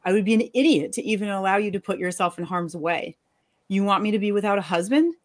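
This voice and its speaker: A woman's voice: mid-range voice, quick pace, lightly acted. A woman in a live reading, voicing an angry, sarcastic wife and mother scolding her husband. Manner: sharp, sarcastic.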